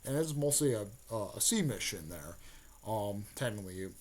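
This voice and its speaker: A man's voice: fairly low pitch, lively intonation, normal speed, a little mellow. A young man, a YouTuber, casually retelling a plot in a rambling way full of fillers and restarts.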